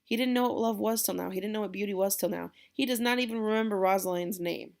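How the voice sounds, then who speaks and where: A woman's voice: mid-range voice, fast, gravelly, a little mellow. A woman teacher giving a casual classroom lecture, explaining a play and checking in with her students.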